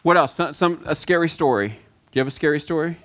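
A man giving a lively children's sermon, coaxing the kids to answer and join in. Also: on the high side, quick pace. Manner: lively, coaxing, quotes film lines with voices. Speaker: children's pastor.

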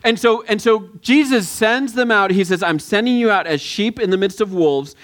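A man giving a lively children's sermon, coaxing the kids to answer and join in. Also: high-pitched, moderate pace. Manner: lively, coaxing, quotes film lines with voices. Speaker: children's pastor.

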